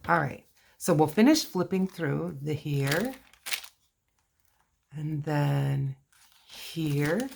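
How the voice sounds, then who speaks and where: Woman crafter, low unhurried voice, chatty walkthrough, mutters to herself as she works. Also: vocal fry, darkish tone, slight background noise. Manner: chatty, talks to herself while working. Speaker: crafting video host.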